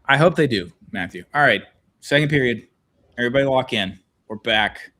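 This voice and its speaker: A man's voice: medium pitch, lively intonation, fairly quick, pushed and bright. A man hosting a podcast watch-along, chatting casually and rambling as he reads out viewer comments. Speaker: podcast host.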